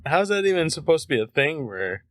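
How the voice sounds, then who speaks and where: A man in a casual podcast chat, teasing his co-host and laughing often. His pitch swings widely in an animated way, and the recording is dry and close. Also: fairly quick, no room sound.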